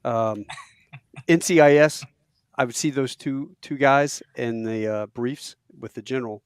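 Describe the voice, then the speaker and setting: Podcast co-host, man, relaxed storyteller, dry sound. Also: medium pitch, unhurried, clear, resonant tone, no echo. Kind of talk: casual storytelling chat.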